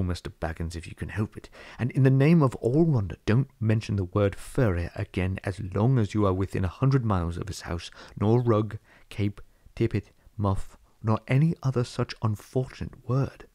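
A grave, lecturing old wizard, put on by a man reading a storybook aloud. His voice sits low and dark. He speaks in measured, cross sentences. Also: no echo, studio quality. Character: old male wizard, stern and testy.

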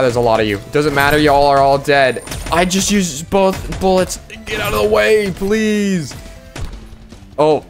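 A man giving excitable live gameplay commentary, yelping and laughing at the action as game music plays. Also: on the high side.

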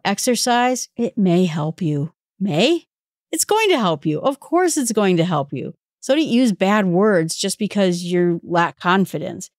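A woman's voice: lowish voice, dry recording, clean studio sound. A woman hosting a solo podcast in a chatty, self-deprecating way, reading out quotes from a book now and then. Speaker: podcast host. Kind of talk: casual solo podcast talk.

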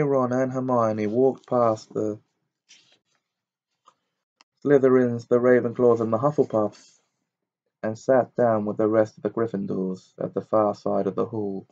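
Low-pitched man narrating a storybook, steady reading, dull lo-fi recording. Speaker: audiobook reader.

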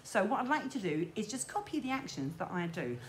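A woman leading a sing-along class for young children in a lively, sing-song way. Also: medium pitch, quick pace, slight background noise. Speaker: children's music class teacher.

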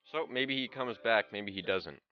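Young man, gaming streamer, profane ranting, lowish voice, dull lo-fi mic. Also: expressive, measured pace. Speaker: game streamer. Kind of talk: casual gameplay commentary.

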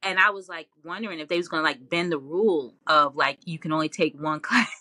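A woman guest in a casual interview, telling her story in an animated way with lots of laughs and fillers. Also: deep voice, quick pace, no echo. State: tearful, near crying.

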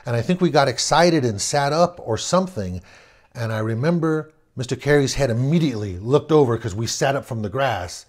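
A middle-aged man from Southern California tells an old neighborhood story off the cuff. His pitch swings up and down with the telling, and he doubles back on words and chuckles between phrases. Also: lively intonation, fairly quick. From Southern California, USA. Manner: rambling, self-correcting, chuckles as he goes. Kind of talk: casual spoken anecdote.

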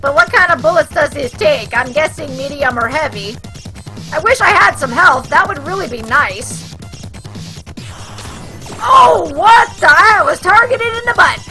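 A young woman gamer commentating as she plays, excitable and swearing, with frequent shrieks and yelps. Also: high-pitched, a little slow, faint music behind. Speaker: gaming channel host. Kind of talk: let's play commentary.

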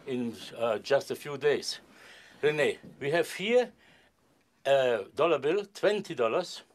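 Playful stage magician with lively pitch. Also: male voice. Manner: playful, polite and formal, joking with the volunteer. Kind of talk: stage magic performance with audience volunteer.

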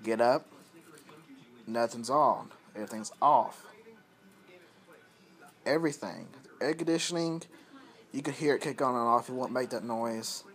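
A man's voice: mid-range voice, a little slow, long pauses, fairly bright tone. A man vlogging from his home, telling a long story in a loose, rambling, profane way and repeating himself often, recorded on a phone camera. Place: at home, indoors.

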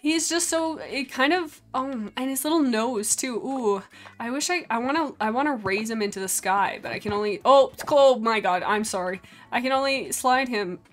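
Young female streamer, bright excitable chatter with gasps and laughs, soft game music underneath. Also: fairly high pitch, moderate pace. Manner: excitable, giggly, gasping, voices the pets' thoughts. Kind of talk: casual gameplay commentary.

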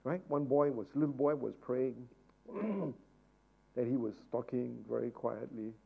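A man teaching a Bible study in a sermon style, asking rhetorical questions and moving from hushed asides to loud, fervent exhortation. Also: mid-range voice, measured pace, creaky, husky, phone-quality sound. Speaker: pastor leading Bible study.

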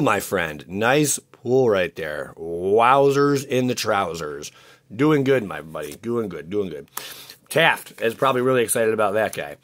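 A man hosting his channel, chatting casually and rambling with frequent restarts as he opens card packs, his voice cracking. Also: on the low side. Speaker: card-opening channel host. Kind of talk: casual commentary while opening packs.

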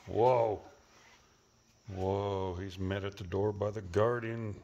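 Gravelly man coaxing pets. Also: steady tone, slow, a little mellow, dull audio, slight background noise. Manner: coaxing, playful baby talk jumping high in pitch; teasing with mild swearing. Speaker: pet owner filming animals. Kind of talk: casual talk to animals.

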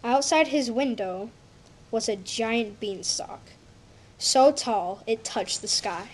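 Slow-reading woman with a storybook. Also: fairly high pitch, slight background noise. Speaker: story reader. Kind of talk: reading a picture book aloud.

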